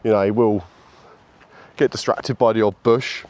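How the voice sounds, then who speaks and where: A man walking his dog through the countryside records on a handheld camera, his tone steady and darkish at a moderate pace. He chats casually about training as a dog owner and trainer, breaking off to call the dog in a high, sing-song way.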